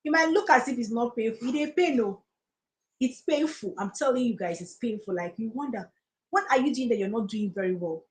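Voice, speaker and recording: On a low-quality recording, the Nigerian-accented woman speaks a little fast in a voice on the high side. She is near tears as she delivers motivational, preachy encouragement to her live-stream audience, repeating phrases to drive them home.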